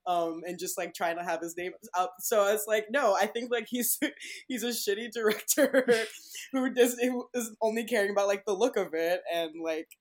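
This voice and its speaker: A woman guesting on a podcast, an actor, talking in a rambling, excited way full of fillers. Her voice sits at an ordinary middle pitch. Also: moderate pace. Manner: rambling, filler-heavy, enthusiastic. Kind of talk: casual chat.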